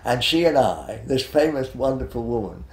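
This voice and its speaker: A man's voice: mid-range voice, expressive, moderate pace, echoey room. A man in his eighties, a retired television director, reminiscing in an interview in a rambling, hesitant way, full of fillers and restarts. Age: 80s.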